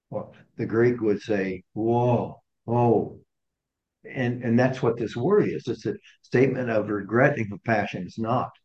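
A man's voice: mid-range voice, darkish tone, highs cut off. A man leading a casual Bible study group, talking conversationally and often repeating and restarting words. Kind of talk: casual teaching to a small group.

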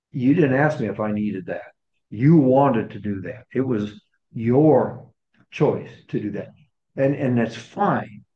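A man preaching a sermon in a conversational way, often repeating and restarting his phrases. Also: medium pitch. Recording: roomy, dull recording.

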